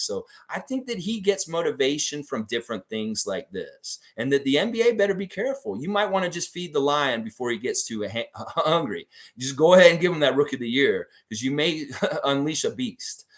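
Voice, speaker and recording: A man in his forties from Florida, hosting a casual fan livestream, talking in an excitable, profane, rambling way. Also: a little high. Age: 40s. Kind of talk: casual sports fan commentary.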